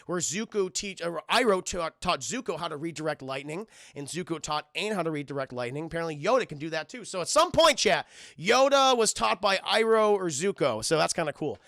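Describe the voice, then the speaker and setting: A man reviewing a film live for his viewers, animated and profane, acting out scenes as he goes. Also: a little high, fairly quick, vocal fry, no echo, clean studio sound.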